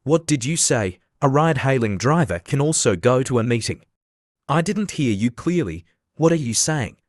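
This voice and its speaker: A man's voice: mid-range voice, lively intonation, moderate pace, no echo, clean studio sound, natural voice. A man reading as a loyal young flight attendant. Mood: earnest.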